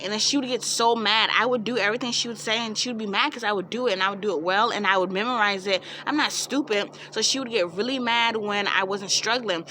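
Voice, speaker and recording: A young woman spins a storytime vlog with sass and animation, tossing in laughing asides. Her voice sits a little high and comes across bright and forceful. The delivery is quick-witted and conversational. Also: a little hiss or hum. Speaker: vlogger.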